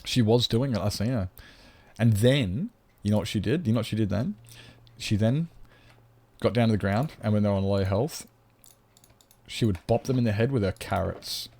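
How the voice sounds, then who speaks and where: A man's voice: lowish voice, normal speed, pauses often, a little mellow. A man with an Australian accent chatting casually on a game live stream, rambling and joking and swearing freely.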